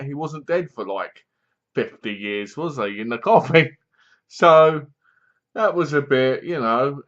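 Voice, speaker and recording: A man's voice: on the high side, lo-fi sound. A man retelling a film's plot in a casual review vlog, rambling along with plenty of fillers. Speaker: film reviewer.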